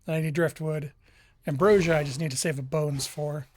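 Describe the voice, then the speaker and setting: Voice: medium pitch, steady tone, brisk, darkish tone, slight background noise. Rambling, laughing game streamer. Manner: rambling, laughs often, restarts sentences. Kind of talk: casual live-stream commentary.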